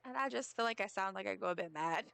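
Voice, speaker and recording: A woman's voice: medium pitch, animated, quick pace, vocal fry, bright, forceful tone, clear, resonant tone, no echo. A young woman, rambling casually and joking at herself while she streams a game. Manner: chatty, rambling, self-mocking asides. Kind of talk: casual live-stream chat while gaming.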